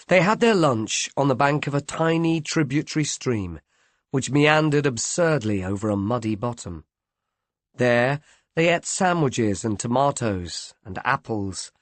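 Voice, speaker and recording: A man narrating a classic mystery novel in an expressive, measured reading. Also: mid-range voice, no echo. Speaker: audiobook narrator. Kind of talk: scripted narration.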